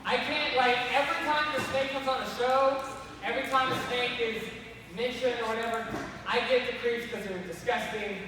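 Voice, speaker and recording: A man preaching to kids, animated and repeatedly calling them to listen. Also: very high-pitched, moderate pace, crowd noise. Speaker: youth speaker. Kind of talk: sermon to kids. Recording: echoey hall from far off, faint noise.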